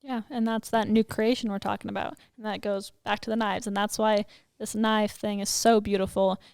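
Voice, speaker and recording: A woman in a casual faith conversation, gently affirming what was said. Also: mid-range voice, little pitch movement, normal speed, creaky, clear, resonant tone, no echo, clean studio sound. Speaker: ranch crew member.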